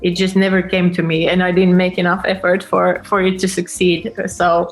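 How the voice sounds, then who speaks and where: Halting woman chatting. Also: lowish voice, level tone, faint music behind. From Finland. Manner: halting, many fillers and restarts. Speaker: co-host. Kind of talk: casual chat.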